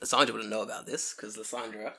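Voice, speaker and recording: A young man with a London accent, hosting a casual chat and telling stories with loud mocking put-on voices. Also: on the low side, steady tone, quick pace, gravelly, slightly rough. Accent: London English. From United Kingdom. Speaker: podcast host.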